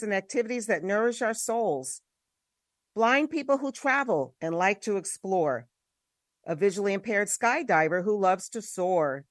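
A woman's voice: medium pitch, no echo, studio quality. A woman with a New York accent, a radio co-host reading a listener's poem in an upbeat, rhythmic way.

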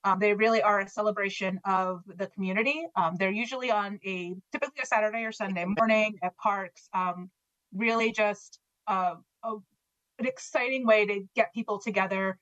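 A woman's voice: medium pitch, fairly even intonation, normal speed, a bit bright, no echo, muffled recording. A woman guest on a radio show, speaking for a foundation in a friendly way with many fillers. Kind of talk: casual radio interview.

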